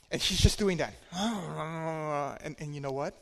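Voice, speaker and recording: Man, preacher, sermon storytelling, slightly higher voice, shifts loud and soft. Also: slow, gravelly, in a large hall. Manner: conversational storytelling with dynamic loudness swings.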